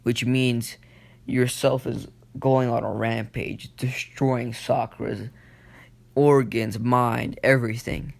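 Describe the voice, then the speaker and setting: A man's voice: medium pitch, level tone, slow, creaky. A man voicing a sly, teasing male devil in a spoken fan story. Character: smug scheming male devil.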